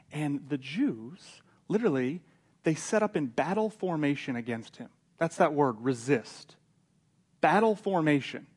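A male pastor preaches in a lively, conversational way, telling the story with energy and informal asides. His voice sits a little high for a man. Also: breathy edge. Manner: animated storytelling, casual and conversational. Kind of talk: sermon.

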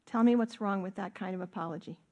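A middle-aged woman preaches from the pulpit in an earnest, emphatic way. She leans on key words and draws them out slowly, then lets her voice drop low and quiet for the tender points. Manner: earnest, emphatic, with drawn-out stresses. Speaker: pastor. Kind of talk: sermon.

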